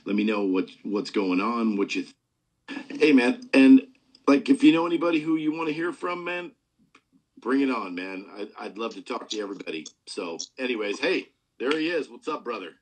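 A man's voice: medium pitch, lively intonation, normal speed, low-quality recording. A man hosting a podcast in loose casual talk, rambling with lots of "man" and "dude" and heavy swearing. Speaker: podcast host. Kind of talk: casual conversation.

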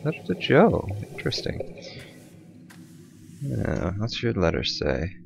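A man's voice: fairly low pitch, huge pitch swings, a little slow, creaky, a little hiss or hum. A man giving offhand, mumbling commentary while playing a video game. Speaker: let's play gamer. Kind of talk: casual gameplay commentary.

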